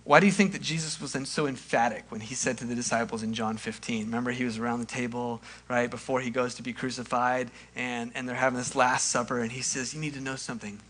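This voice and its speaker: A man preaching a sermon in a conversational way, acting out quoted lines and swinging from loud to hushed. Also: medium pitch, steady tone, fast, few pauses, slightly rough. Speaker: pastor.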